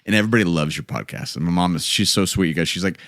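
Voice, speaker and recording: Very deep-voiced man hosting a podcast. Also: racing, fairly bright tone, no room sound, studio quality. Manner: chatty, joking, rambling asides. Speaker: podcast host. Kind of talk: casual chat.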